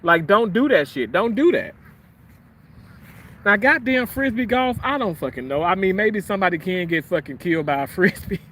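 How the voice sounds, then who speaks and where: A man's voice: sits high, expressive, moderate pace, fairly bright tone, slight background noise. A man hosting a livestream and ranting angrily, swearing heavily and repeating himself as he vents. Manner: profane, heated, repetitive. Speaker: livestream host. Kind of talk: angry livestream rant.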